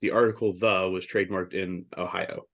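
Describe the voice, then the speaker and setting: A man's voice: low voice, little pitch movement, fairly quick, creaky, lo-fi sound. A man co-hosting a casual sports talk show, joking and hesitant, often repeating himself. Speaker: co-host.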